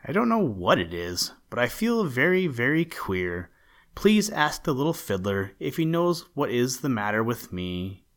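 A man's voice: mid-range voice, big pitch swings, a little slow, a bit bright. A man voicing a troubled little male pixie who has lost his laugh, speaking in a plaintive, pleading way in a storybook reading. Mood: worried.

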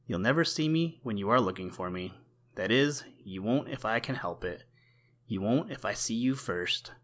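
A tiny, cheeky meadow mouse, as a male storyteller puts him on, squeaky and pert. He pipes up higher and pushier than the reader's usual low voice, persistent and a little know-it-all, straight out of an old animal storybook. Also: expressive, normal speed, a bit bright.

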